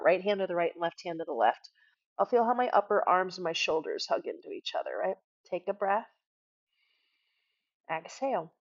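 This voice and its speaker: A woman teaching a guided yoga class, giving calm step-by-step cues and often checking in with a quick "right?". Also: lowish voice, lo-fi sound.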